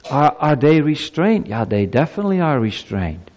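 A man's voice: a little high, very animated, normal speed, darkish tone. A man preaching a sermon to a congregation, emphatic, with rhetorical questions and stammered repeats. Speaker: pastor. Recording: long hall reverb.

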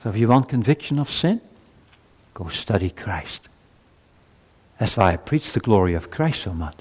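A man in his fifties preaching a sermon, moving from quiet reflection to loud, urgent appeals. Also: fairly low pitch, big pitch swings, moderate pace, husky. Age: 50s.

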